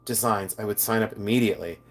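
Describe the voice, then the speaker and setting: A man's voice: fairly low pitch, fast. Joking man chatting on a live stream. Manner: chatty, joking, reads chat comments aloud. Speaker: live stream host reselling buttons. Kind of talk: casual live stream chat.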